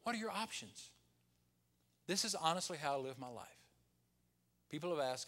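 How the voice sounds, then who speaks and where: Man preaching with loud swells. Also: on the high side, animated, moderate pace, long pauses. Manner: preaching with loud peaks and hushed, whispered quotes. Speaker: pastor. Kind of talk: sermon.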